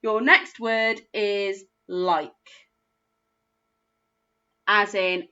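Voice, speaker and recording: A woman with an English accent teaching a phonics lesson to young children, spelling words out slowly and praising their efforts. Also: medium pitch, lively intonation, a bit bright, lo-fi sound. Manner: slow, clearly spelled-out words with encouraging praise. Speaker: primary school teacher.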